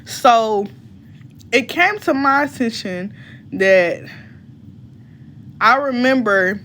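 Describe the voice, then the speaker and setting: Animated woman telling a story. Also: drawn-out words, a little hiss or hum. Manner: animated, voice jumps high when she gets heated; blunt and profane. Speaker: storytime vlogger. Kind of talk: casual storytelling.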